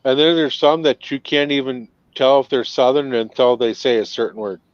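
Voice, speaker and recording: A man's voice: medium pitch, steady tone, normal speed, clear, resonant tone, no echo. A man from Minnesota with a Northern accent, chatting easily on a video call. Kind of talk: casual chat. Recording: dull dry video-call audio.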